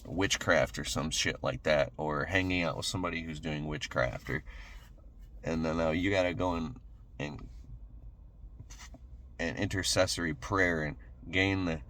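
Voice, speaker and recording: Man, very low voice, blunt and emphatic motivational talk, faint hiss behind. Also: unhurried, pauses often, fairly bright tone. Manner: emphatic, blunt, swears casually. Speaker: motivational speaker. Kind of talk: motivational monologue.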